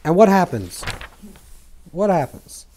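A man teaching a Kabbalah lesson to a live group, animated, repeating words as he searches for phrasing and acting out scripture dialogue. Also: slow pace. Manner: acts out scripture dialogue with swings in pitch and volume.

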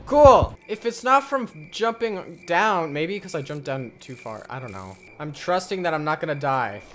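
Male gaming host, higher voice, very animated, jokey let's-play commentary with loud outbursts, game music underneath. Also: normal speed, very noisy. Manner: jokey, talks to the game, bursts into loud yells.

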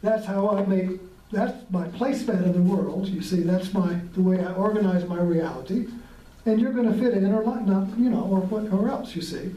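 A man's voice: sits high, normal speed, dark tone, dull audio. A man hosting a casual spiritual talk, reflective and rambling, chuckling often as he explains. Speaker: podcast host. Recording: roomy sound from a distant mic.

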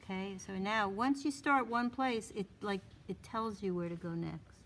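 A woman's voice: mid-range voice, moderate pace, a bit bright, slight background noise. A woman instructor giving a live drawing demonstration to a small class, thinking aloud as she works and coaxing with short repeated cues.

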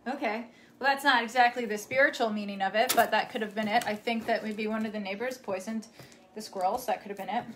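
A young woman with a high voice chats casually on a live stream. She rambles from one thought to the next and reads viewer comments aloud. Faint clicks sit behind her voice. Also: steady tone, quick pace, fairly bright tone, a little hiss or hum.

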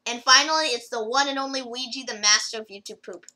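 A woman chats loosely through a gameplay video in a very bright, sharp voice that sits a little high. She rambles and fills pauses with fillers, often stopping and restarting her sentences. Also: rough recording. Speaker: gaming video creator. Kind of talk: casual gameplay commentary.

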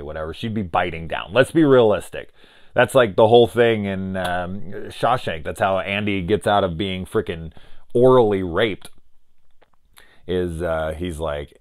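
Low-voiced man ranting about films. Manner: profane, rambling storyteller, sarcastic asides. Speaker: film reviewer. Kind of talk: casual film review rant.

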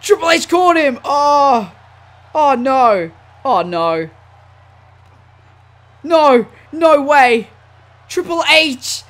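A man giving casual, slangy commentary over a wrestling video game, swinging from low muttering to excited shouts. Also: extremely slow, pauses often. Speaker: gaming YouTuber.

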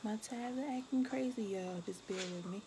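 A woman's voice: fairly high pitch, normal speed. A woman commenting on a reaction video in a laid-back way, talking to her viewers in asides. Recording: loud background noise.

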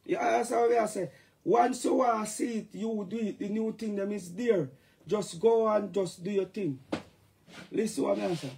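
Jamaican guy rambling on a live stream, kinda high voice, shouts little catchphrases. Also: moderate pace, vocal fry. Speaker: dancehall artist talking to fans. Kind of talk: casual live-stream chat.

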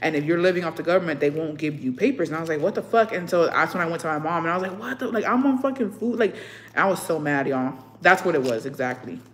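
With a low voice and a fast delivery, a young woman spins profane stories in casual chat, mixing English and Spanish and acting out people's words with animation. There is slight background noise.

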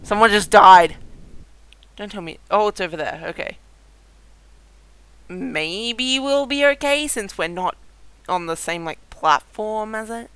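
A gaming video host giving excited let's-play commentary, chatty with viewers, giggling and yelping at surprises. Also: mid-range voice, measured pace, pauses often, clear, resonant tone, dry recording, poor audio. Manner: chatty, talks straight to viewers.

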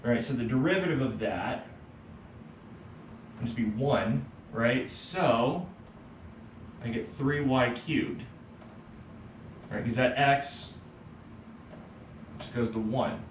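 A man's voice: mid-range voice, takes it slowly, pauses often. Brief: a laid-back male lecturer talking through math at home, heard from across an echoey room. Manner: relaxed, tags points with "right?". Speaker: economics teacher. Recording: roomy, distant mic, faint background hum.

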